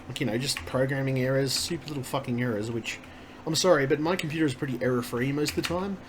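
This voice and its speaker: A man's voice: mid-range voice, fast. A man streaming live and ranting, cursing nonstop and muttering in exasperation. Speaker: gaming streamer. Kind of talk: casual live-stream rant. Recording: noisy room ambience.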